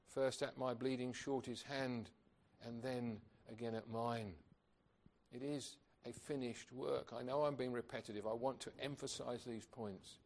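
Man preaching a sermon, earnest, keeps asking the room questions, middle pitch. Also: fairly even intonation, measured pace, darkish tone. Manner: earnest, emphatic, with rhetorical questions.

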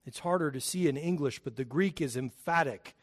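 A man preaching a sermon, emphatic, swelling loud on key phrases and dropping low and quiet between them. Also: a little fast.

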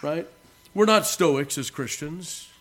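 Man, pastor, sermon commentary, somewhat high voice, earnest, repeats key points. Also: slow, a bit bright, a little hiss or hum.

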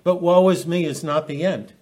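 A man preaching a sermon in a fairly high voice. He stops and restarts often, repeating words, and leans harder into the scripture he quotes. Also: steady tone, normal speed, darkish tone.

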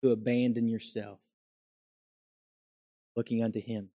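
A man preaching a sermon as pastor, swinging from quiet asides to loud, emphatic exclamations. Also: mid-range voice, little pitch movement, a little slow.

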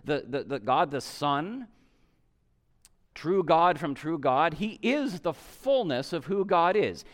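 A man with a fairly high voice that moves a lot in pitch, teaching theology. He explains earnestly and repeats his key points for weight. He often stops mid-sentence and starts over to find the right word. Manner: earnest, explanatory, with frequent restarts and emphatic repetition. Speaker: teacher of the Creed. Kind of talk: theology lesson.

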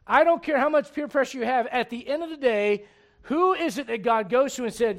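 High-voiced emphatic male preacher. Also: normal speed. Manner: emphatic, many rhetorical questions; swings between loud urgency and hushed gravity. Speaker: pastor. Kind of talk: sermon.

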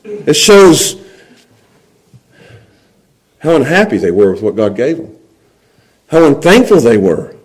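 A man's voice: medium pitch, very animated, slow pace, pauses often, a little mellow, poor audio. A middle-aged man preaching a sermon, acting out people's complaints in grumbling voices and chuckling as he goes.

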